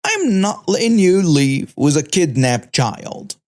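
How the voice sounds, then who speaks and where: A man voicing a shrill, accusing woman shopper. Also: big pitch swings, slow pace, a little mellow, full character voice. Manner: accusing, shrieking.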